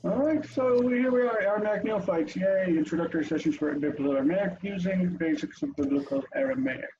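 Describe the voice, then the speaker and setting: A man's voice: high voice, fairly quick, darkish tone, muffled recording, a little hiss or hum. A man teaching an online language lesson over a video call, chatty and explanatory, with frequent ums and asides.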